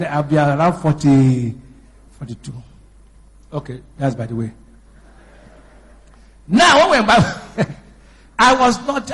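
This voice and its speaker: A man in his fifties preaching a sermon in church, swinging between shouted exhortation and chatty storytelling. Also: a little high, slightly rough. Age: 50s. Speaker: pastor.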